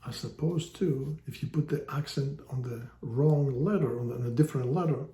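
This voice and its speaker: A man's voice: mid-range voice, moderate pace, mellow. A man giving a casual online language lesson, explaining patiently with wry, joking asides. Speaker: language teacher. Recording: echoey room.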